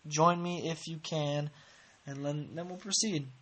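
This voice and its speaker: A man's voice: a little high, fairly even intonation, measured pace, a bit bright. A man hosting a podcast, chatting in a rambling, laid-back way with chuckling asides. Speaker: podcast host. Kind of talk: casual rambling chat.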